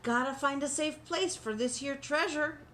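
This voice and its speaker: A blustering pirate captain booms out his orders in hearty sea-dog talk, as a woman puts him on while reading a storybook aloud. His voice sits a touch higher and louder than her usual reading, with faint noise behind. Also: normal speed. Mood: commanding. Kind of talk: picture book read aloud.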